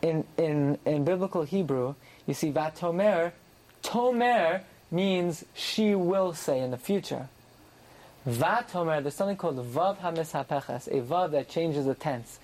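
Animated teacher explaining a text. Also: medium pitch, a little slow, rough recording. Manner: animated, translating each phrase then exclaiming. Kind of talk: verse-by-verse text study class.

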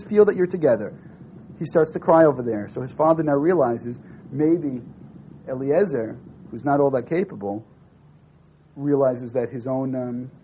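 A man teaching a religious class, telling a story and acting out its dialogue, often asking the listeners questions. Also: medium pitch. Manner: animated, acts out dialogue with rising and falling voice; asks the audience questions. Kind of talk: lecture with storytelling. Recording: dull lo-fi recording with faint noise.

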